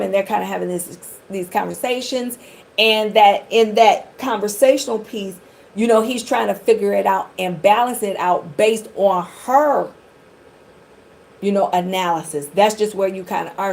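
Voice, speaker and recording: A woman's voice: medium pitch, creaky, darkish tone, slight background noise, rough recording. A middle-aged woman from the Detroit area giving a live tarot reading, chatting and rambling straight to her viewers. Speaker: tarot reader.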